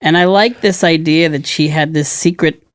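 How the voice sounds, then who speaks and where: A man's voice: fairly high pitch, fairly even intonation, moderate pace, no echo, clean studio sound. A man co-hosting a podcast, musing in casual chat and often searching for words. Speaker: podcast co-host.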